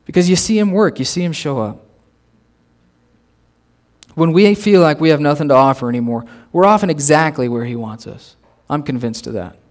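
Male pastor, fairly high voice, preaching in a relaxed, conversational way with emphatic stresses and frequent restarts. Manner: conversational and emphatic, often repeating and restarting words. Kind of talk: sermon.

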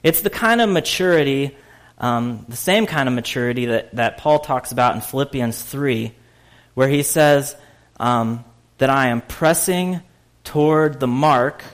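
A man preaching a conversational sermon, full of fillers and restarts, with sudden loud, laughing bursts. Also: medium pitch, unhurried. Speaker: pastor.

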